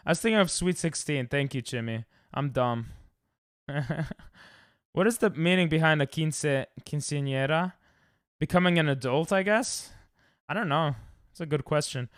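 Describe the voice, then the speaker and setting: A young man streaming a game, chatting casually with viewers and yelping loudly when he loses. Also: fairly high pitch, measured pace, pauses often, clean tone, no room sound, clean studio sound. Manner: rambling, loud yelps when dying in game. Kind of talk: casual live-stream chat while gaming.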